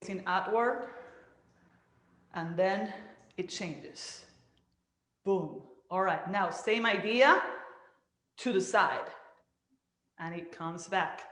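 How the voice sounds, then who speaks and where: A woman teaching a dance class, cueing moves and counting out loud as she demonstrates. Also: medium pitch, takes it slowly, pauses often, echoey room. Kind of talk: live online dance class instruction.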